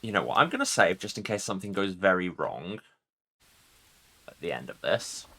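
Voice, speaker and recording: A man's voice: low-pitched, animated, normal speed, pushed and bright. A man streaming a game, reading its text aloud with casual joking asides. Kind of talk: let's play with narration read aloud.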